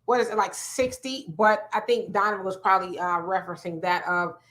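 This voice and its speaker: A woman's voice: medium pitch, steady tone, a little fast. A woman from California with a Californian accent, hosting a casual livestream chat, reading viewer comments aloud and answering them. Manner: self-described loud talker. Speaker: host.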